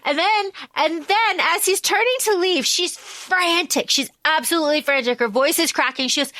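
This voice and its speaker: Bright high-voiced woman recapping a movie. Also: normal speed, dry recording. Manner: animated, swearing, acts out lines in quotes. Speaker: podcast co-host. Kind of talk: casual movie recap chat.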